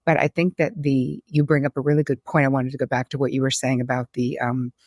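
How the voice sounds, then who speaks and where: A woman's voice: a bass voice, level tone, fast, darkish tone, dry recording, clean studio sound. A woman hosting a podcast interview, talking in a reflective, chatty way with frequent restarts. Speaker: podcast host. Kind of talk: conversational interview.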